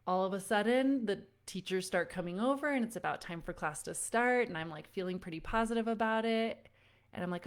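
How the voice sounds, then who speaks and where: A woman's voice: mid-range voice, a little slow, clean tone. A woman parenting coach giving a live online workshop. She speaks straight to her listeners and calls them friends, telling stories conversationally with frequent "like"s.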